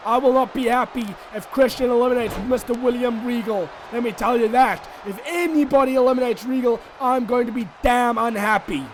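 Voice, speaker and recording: High, excitable man shouting game commentary. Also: a little fast, few pauses, some chatter behind, a little hiss or hum. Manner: excitable and shouty, swinging between rants and mock outrage. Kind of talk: excited solo commentary over a wrestling video game.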